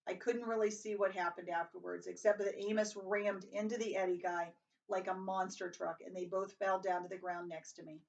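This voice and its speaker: In a gravelly voice with fairly even intonation and a moderate pace, a woman reads from a novel. She lifts her pitch and volume for dialogue, occasionally slipping and restarting, captured on a distant, muffled lo-fi home recording.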